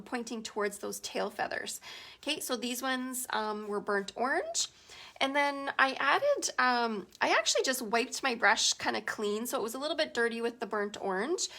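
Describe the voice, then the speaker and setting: A woman's voice: sits high, sharp tone. A middle-aged Canadian woman chatting with viewers as she teaches a painting tutorial, giggling often. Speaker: painting instructor. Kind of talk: casual live painting tutorial.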